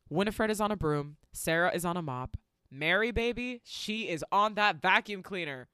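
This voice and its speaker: A woman co-host tells the story in a casual, profane, animated way. Her voice sits at a middle pitch and is recorded dry and close. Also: normal speed, clear, resonant tone, dry recording. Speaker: podcast co-host. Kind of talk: casual movie recap chat.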